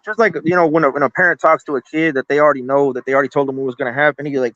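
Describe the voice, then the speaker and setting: A man with a higher-pitched, slightly bright voice talks fast as a guest, casually spinning long stories about encounters, swearing freely and rambling with frequent restarts. There's no room sound, and the lo-fi audio is a little dull.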